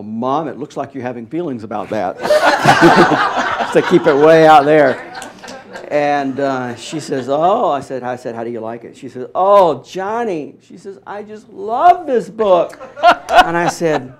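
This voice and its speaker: Middle-aged man telling wry stories. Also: mid-range voice. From Mississippi. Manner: animated, wry storyteller who acts out quotes. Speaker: author interviewed. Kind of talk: storytelling in an interview.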